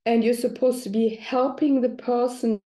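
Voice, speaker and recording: A woman's voice: on the high side, fairly even intonation, normal speed, warm tone. A middle-aged woman talking conversationally, now and then acting out quoted voices. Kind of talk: explanatory talk.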